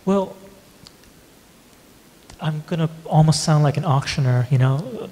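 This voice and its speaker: A man's voice: fairly high pitch, a little slow, pauses often. Male moderator in a reverberant hall. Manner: relaxed, conversational, some fillers. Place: gallery event space.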